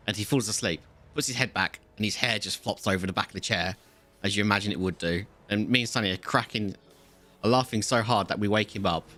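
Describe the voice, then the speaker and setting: A man's voice: lowish voice, bright, forceful tone. A man, chatting casually to viewers on a live game stream and rambling through a story. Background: faint music.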